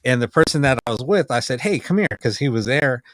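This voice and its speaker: A man's voice: medium pitch, quick pace, no echo, low-quality recording. A man co-hosting a podcast, telling a story in casual chat and acting out the quoted lines of other people. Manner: animated, acts out quoted dialogue. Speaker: podcast co-host, paranormal investigator.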